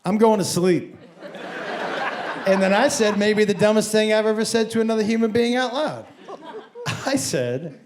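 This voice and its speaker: A man doing stand-up storytelling on stage, animated and profane, acting out dialogue and bursting into shouts. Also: sits high, moderate pace, a crowd in the background. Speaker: stand-up comedian. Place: comedy stage before a live audience.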